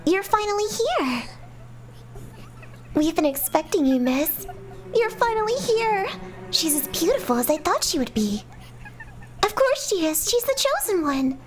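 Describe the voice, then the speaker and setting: A woman's voice: extremely high pitch, big pitch swings, measured pace, pauses often, voice pushed up, full character voice. A woman voicing a chorus of eerie toys in a game dub, greeting the heroine in a sing-song, overly sweet way.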